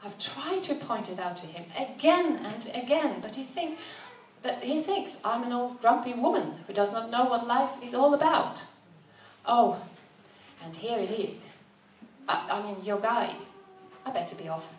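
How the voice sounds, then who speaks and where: Woman reading as gentle elderly lady, slow and patient, roomy distant sound. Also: on the high side, lively intonation. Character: wise cheerful elderly woman guide. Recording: roomy, distant mic, faint background noise.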